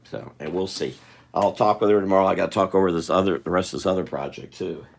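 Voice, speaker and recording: A man's voice: deep voice, fast talker, vocal fry. A man chatting casually and thinking aloud to his viewers as he draws live. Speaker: artist drawing live for viewers. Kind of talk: casual rambling chat while drawing.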